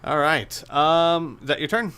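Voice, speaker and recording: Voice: mid-range voice, a little slow, fairly bright tone, clean tone. A game master running a tabletop game, laid-back and often giggling.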